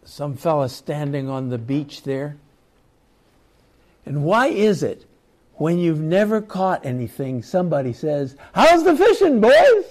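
A man teaching a Bible study, retelling scripture stories in a slow, reflective way and reading passages aloud. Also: a little high, lively intonation, a little mellow. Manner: slow, reflective storytelling with chuckles.

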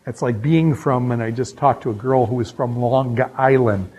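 A man teaching an informal Bible lecture, telling stories conversationally and sinking into hushed, earnest tones. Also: mid-range voice, moderate pace, husky, rough recording. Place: New England.

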